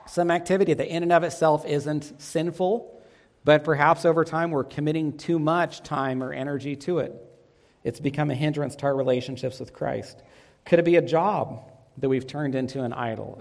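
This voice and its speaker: A middle-aged man preaching a sermon in a conversational way, asking the listeners rhetorical questions and changing his pace often. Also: a little high. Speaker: pastor. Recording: long hall reverb.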